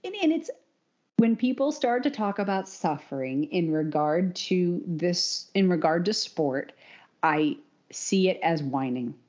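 A woman's voice: fairly low pitch, a little slow. Opinionated woman on a lo-fi podcast. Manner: animated, opinionated, laughs often. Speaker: podcast co-host and running coach. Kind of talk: casual podcast chat. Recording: dull lo-fi podcast audio.

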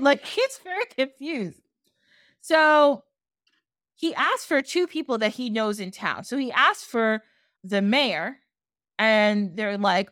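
Woman podcast host, lively storyteller, fairly high voice, dry close mic. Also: takes it slowly, dry recording. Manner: animated, laughs often. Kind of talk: casual storytelling.

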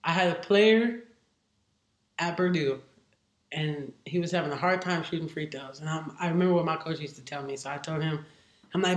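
A woman with a deep voice, a football head coach, tells stories as a guest in a casual interview, animatedly acting out what other people said. She speaks at a moderate pace, and the room sounds echoey.

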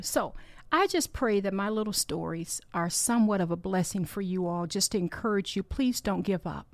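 A woman's voice: medium pitch, animated, normal speed, no echo. A woman hosting a podcast, giving a heartfelt, encouraging faith talk with personal stories that ramble and restart. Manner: earnest, heartfelt, exhorting. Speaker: podcast host.

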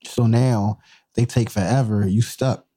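A man's voice: lowish voice, steady tone, measured pace, dark tone. A man co-hosting a podcast, mostly reacting to the story with brief questions and agreement. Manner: short reactive interjections. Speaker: podcast co-host. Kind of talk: casual chat.

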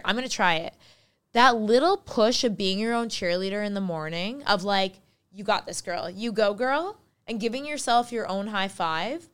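A woman's voice: mid-range voice, clean tone. A woman guest on a podcast, talking as a life coach in an upbeat, emphatic way and laughing often. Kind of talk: motivational podcast talk.

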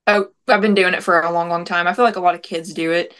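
A woman's voice: lowish voice, steady tone, fast, a bit bright. A young woman talking casually as an interview guest, rambling with lots of "like" fillers. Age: young adult. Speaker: guest, prank-call comedian.

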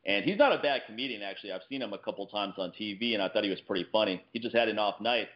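A man co-hosting a podcast, telling anecdotes in a casual, animated way. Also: fairly low pitch, very fast, highs cut off. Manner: animated anecdote teller, acts out quotes. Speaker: podcast co-host. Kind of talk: casual podcast chat, storytelling.

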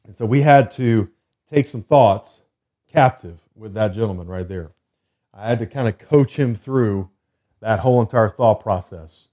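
A man talks through a faith podcast from his desk in a warm, mellow voice. He speaks in an easygoing, earnest way and slows down to give scripture readings weight. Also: lowish voice. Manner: earnest, loose and conversational, reads scripture slowly and emphatically. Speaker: podcast host. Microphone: computer desk setup.

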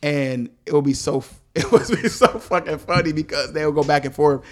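A man in casual podcast chat, an animated storyteller who slips into slangy banter. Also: a little high, brisk. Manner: animated storyteller, acts out voices from shows; slangy, laughing. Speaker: podcast co-host.

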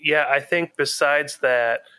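A man's voice: fairly high pitch, slow, clear, resonant tone. A man chatting casually on a podcast, recounting a cartoon episode with a lot of laughter and filler words. The sound is dry and close, with no room echo. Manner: laughs often, animated retelling with filler words. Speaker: podcast co-host. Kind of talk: casual chat.

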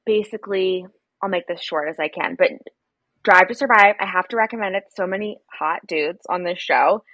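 A young woman from America, a podcast guest, telling stories in casual chat and acting out quotes in animated voices. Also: lowish voice, normal speed, no echo. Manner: chatty storyteller, acts out quotes in animated voices.

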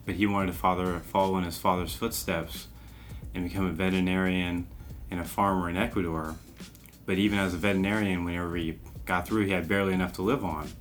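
A man's voice: low-pitched, fairly even intonation, fast, soft background music. A young man co-hosting a casual podcast, talking in a laid-back, rambling way and laughing at his own slips. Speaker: podcast co-host.

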